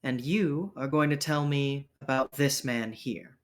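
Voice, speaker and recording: A man voicing a gaunt, pale, coldly menacing man in a tabletop role-playing game, probing in a smooth, quietly threatening way. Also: medium pitch, measured pace, lightly acted.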